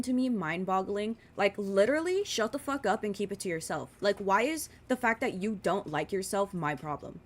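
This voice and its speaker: A woman in her twenties ranting casually as she does her makeup, rambling and swearing, with lots of filler words. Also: mid-range voice. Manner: rambling and profane, with many fillers. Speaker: vlogger.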